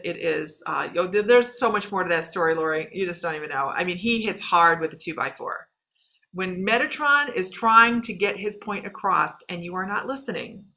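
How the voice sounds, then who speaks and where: A woman's voice: medium pitch, sharp tone. A middle-aged woman, a shaman and intuitive reader, chatting casually on a livestream, laughing often and talking to viewers by name.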